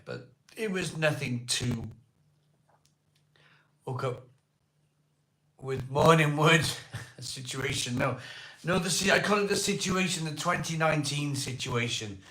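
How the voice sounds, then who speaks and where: A Welsh man with a voice hoarse from a cold, hosting a casual live stream, greeting viewers by name and asking for likes. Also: mid-range voice, measured pace, pauses often, fairly bright tone. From Wales. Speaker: livestream host. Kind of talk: casual live chat reading viewer comments. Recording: echoey room.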